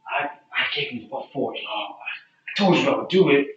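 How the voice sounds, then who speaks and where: Male GM doing a boastful drunk farmer, gruff, off-mic in an echoey room. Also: mid-range voice, lively intonation, moderate pace, a bit bright, lightly acted. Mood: smug. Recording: echoey, distant, dull room recording.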